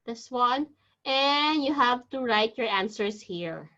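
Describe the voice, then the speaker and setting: Woman, exam-prep teacher, online lecture, slightly high pitch, dull video-call sound. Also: expressive, takes it slowly, sharp tone. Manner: chatty, reassuring, explaining step by step. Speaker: IELTS teacher.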